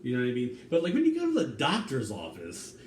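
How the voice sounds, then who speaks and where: A man talking in a rambling, casual way, swearing now and then, with sudden loud bursts and some humming and scatting. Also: medium pitch, huge pitch swings, fast, far from the mic. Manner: hums and scats tunes between talking. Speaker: vlogger cooking on camera. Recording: echoey room, off-mic, faint hum.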